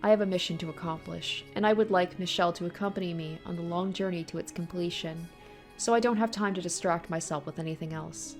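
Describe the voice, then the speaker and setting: A calm, mysterious witch who bargains in curses, speaking in a lowish, measured voice, as a woman reads her part from a story game. She sounds coolly amused, as if nothing can surprise her. Soft music plays faintly behind. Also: lightly acted. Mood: cool, mocking. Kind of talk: reading a visual novel aloud.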